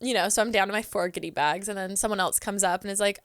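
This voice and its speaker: Speaking quickly with few pauses, this young woman from Southern California guests on a podcast and chats through a story, leaning heavily on "like" and performing quotes of her past self. Her mid-range voice holds a steady, slightly bright, clean tone. It's a dry, studio-quality recording.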